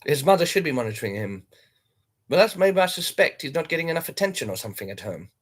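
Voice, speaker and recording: A man's voice: on the high side, very animated, fast talker. A man hosting a livestream, chatting casually and talking straight to his viewers. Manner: chatty, addresses viewers directly. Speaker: livestream host.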